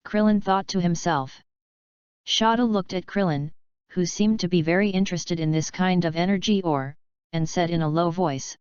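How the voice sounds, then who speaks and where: Woman audiobook narrator, steady, dull lo-fi recording. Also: lowish voice, moderate pace, smooth, no room sound. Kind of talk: audiobook reading.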